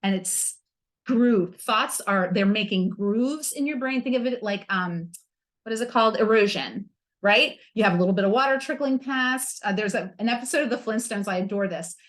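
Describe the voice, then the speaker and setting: A woman's voice: mid-range voice, normal speed. A woman hosting a self-help podcast, talking candidly and with humor, using playful slang. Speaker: podcast host.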